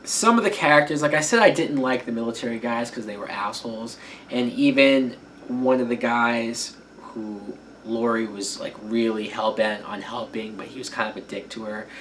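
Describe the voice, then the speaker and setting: A man's voice: medium pitch, normal speed, a bit bright, slight background noise, rough recording. A man giving a casual spoken film review, talking candidly and in a rambling way, with some swearing. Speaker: movie reviewer.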